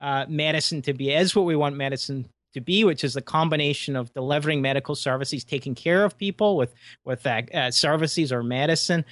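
A man's voice: fairly high pitch, fairly bright tone, no room sound. A man with a Scottish accent, a guest filmmaker, talking in an emphatic, preachy way in a casual discussion.

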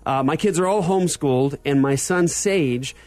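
A man's voice: a little high, moderate pace, no room sound. A man in his thirties hosting a casual podcast, telling stories with lots of fillers and energy. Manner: animated storyteller, many fillers. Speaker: podcast host. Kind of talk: casual chat.

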